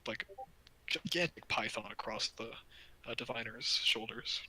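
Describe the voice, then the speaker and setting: A man's voice: mid-range voice, steady tone, moderate pace, bright, forceful tone, poor audio. A man narrating a tabletop game as game master, in a casual, loose way full of fillers.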